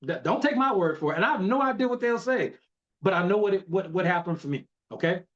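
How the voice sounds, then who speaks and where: A man's voice: high-pitched, expressive, quick pace, muffled recording. A man leading a motivational team training over a video call, coaching in an emphatic, repetitive way. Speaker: network marketing team leader.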